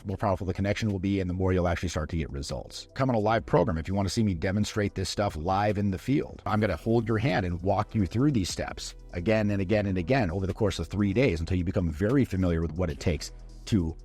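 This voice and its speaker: A man's voice: deep voice, darkish tone, breathy edge. A man coaching on social skills in a conversational teaching talk, often checking in with "right?" as he explains. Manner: conversational, often adds "right?" tag questions. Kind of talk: instructional talk to camera.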